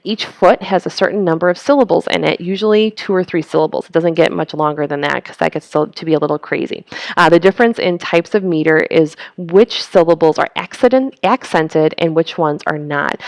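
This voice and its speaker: A woman's voice: low voice, a little fast, gravelly, no room sound. A woman teacher explaining poetry terms in a recorded lecture, with frequent ums. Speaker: high school English teacher.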